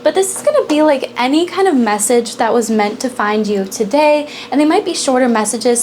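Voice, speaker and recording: Bubbly female tarot reader, giggly and chatty, slightly high-pitched. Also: darkish tone, slight background noise. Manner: giggly and bubbly, often laughing. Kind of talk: casual pick-a-card tarot reading.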